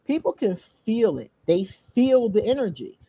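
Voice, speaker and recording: A woman hosting her own channel, casually telling a story straight to her viewers, animated, laughing often and swearing freely. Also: a little high, unhurried, lo-fi sound, slight background noise. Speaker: channel host.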